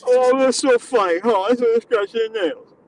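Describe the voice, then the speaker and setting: A man's voice: very high voice, moderate pace, a crowd in the background, rough recording. A man with a nasal voice, lecturing in a mock-condescending way during a casual comedic panel chat.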